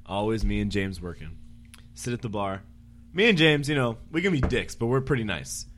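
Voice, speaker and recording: A man's voice: lowish voice, expressive, normal speed, a bit bright. A man casually telling a profane story about a regular customer at the bar he works at. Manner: loose, profane storyteller who quotes people. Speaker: podcast co-host, bartender.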